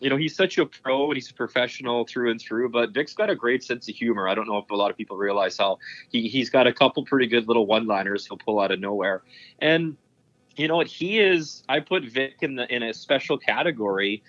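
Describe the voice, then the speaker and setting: A man who works as a sports broadcaster tells rambling, enthusiastic stories in an interview, full of fillers and restarts. His voice sits at an ordinary pitch for a man. The audio is dry and slightly dull. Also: lively intonation, fairly quick, fairly bright tone, no echo. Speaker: curling broadcaster. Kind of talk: casual anecdote telling in an interview.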